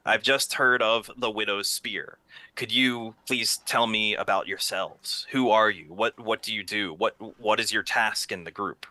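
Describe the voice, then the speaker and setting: A man's voice: fairly low pitch, sharp tone, dry recording. A man voicing a desperate king who stammers and pleads for help in a tabletop game. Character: desperate middle-aged human king.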